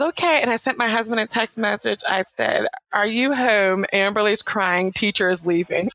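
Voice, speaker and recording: A woman's voice: medium pitch, normal speed, hardly any pauses, fairly bright tone, no echo, lo-fi sound. A woman in her thirties, a mother of three, chatting in an interview and acting out the voices of her family as she tells stories. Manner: chatty storyteller, acts out quoted voices with laughs. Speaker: podcast guest, mother of three. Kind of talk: casual interview chat.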